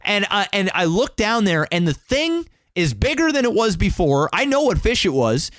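A slightly high-pitched man spins a rambling story in casual podcast chat. He swears freely, and his voice leaps up whenever the story excites him. The sound is dry and close. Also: moderate pace, dry recording. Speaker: podcast co-host.

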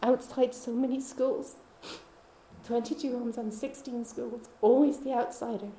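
A woman's voice: fairly high pitch, steady tone, a little slow, warm tone, a little hiss or hum. A woman podcast host telling her personal faith testimony in a heartfelt, confiding way. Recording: roomy echo.

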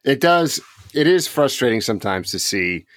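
A man's voice: medium pitch, sing-song, normal speed, a bit bright, dry recording. A man co-hosting a podcast, talking in rambling casual chat, laughing often and restarting his sentences. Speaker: podcast co-host.

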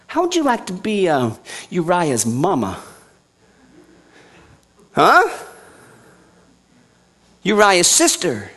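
A man preaching a sermon, firing rhetorical questions at his congregation and swinging from quiet teaching to loud indignation. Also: high voice, huge pitch swings, takes it slowly, pauses often.

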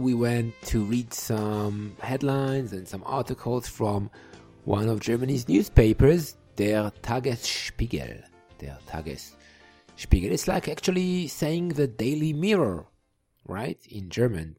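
A man hosting a podcast language lesson, explaining word by word and repeating each word slowly. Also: mid-range voice, sing-song, warm tone, faint music behind. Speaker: language teacher.

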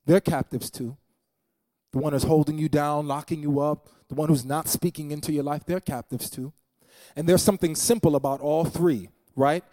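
A man's voice: fairly high pitch, steady tone, moderate pace, dark tone, no echo. A man preaching a sermon as pastor, dramatic and repeating phrases for emphasis. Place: church.

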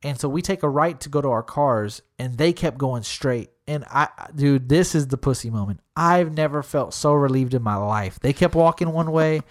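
Man in casual chat retelling a run-in, cusses freely, lots of filler words, animated delivery. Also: mid-range voice, normal speed, few pauses. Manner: heavy swearing, fillers like "literally" and "dude"; animated retelling, acting out quotes.

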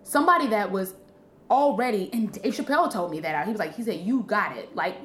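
A woman comedian from Illinois, telling a story in animated, profane casual chat. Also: mid-range voice, fast, echoey room, slight background noise. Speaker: comedian guest.

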